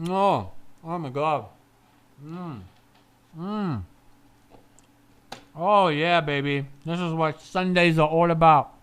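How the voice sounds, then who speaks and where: A man giving casual live race commentary, chatty, swearing freely and moving between laid-back chatter and excited shouting. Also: fairly high pitch, a little slow, smooth.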